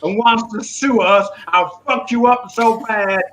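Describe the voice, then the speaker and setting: A man's voice: high-pitched, measured pace, fairly bright tone, a little hiss or hum, poor audio. A man guest-hosting a comedy panel show, brash, profane and teasing. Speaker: guest host.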